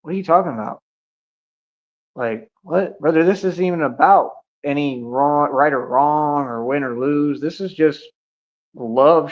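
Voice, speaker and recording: A man ranting indignantly on a livestream, confrontational and repetitive, recorded with dull lo-fi audio. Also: fairly high pitch. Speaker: streamer. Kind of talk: livestream rant.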